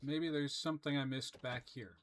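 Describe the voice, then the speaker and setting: A man's voice: medium pitch, moderate pace, a little hiss or hum. Chatty man streaming a game. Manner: relaxed, chatty, reads chat messages aloud. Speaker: gaming streamer. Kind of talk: casual live-stream commentary.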